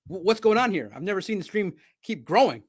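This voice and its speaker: A man with a high voice hosts a live sports stream from his home studio. He talks in a loose, excitable ramble and chats straight to his viewers. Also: fairly quick, husky.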